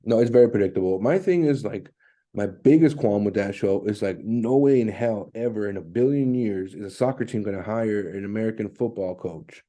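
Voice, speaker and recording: A man's voice: lowish voice, fairly quick, mellow. A man co-hosting a podcast, chatting casually, rambling and swearing, acting out quotes as he goes. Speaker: podcast co-host. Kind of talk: casual chat.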